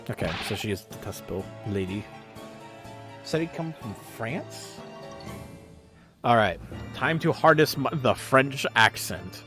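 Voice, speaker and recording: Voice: mid-range voice, expressive, slow, pauses often, fairly bright tone, faint music behind. A streamer playing through a story game, making wry asides and reading the dialogue aloud. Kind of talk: casual game commentary.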